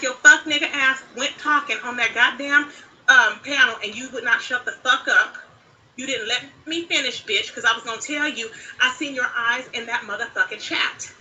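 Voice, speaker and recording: Angry woman streamer scolding hard, cursing every line; bright, distant recording with faint noise. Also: sits high. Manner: heavy cursing, confrontational, scolding. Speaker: livestreamer. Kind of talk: angry livestream rant. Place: played back from another live stream. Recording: bright clip with background noise, far from mic.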